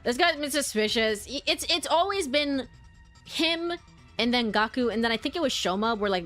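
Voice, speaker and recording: Young woman, streamer, casual commentary, swears a lot, high voice, lively pitch, faint music. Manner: animated, swears and laughs often. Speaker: game streamer. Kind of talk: casual let's-play commentary. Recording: faint game music behind.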